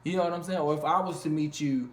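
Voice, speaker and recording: A fast-talking man with a slightly high, steady-toned voice gives a casual, blunt rant laced with profanity, reviewing a reality show for a vlog. He records at home in an echoey room with faint ambience.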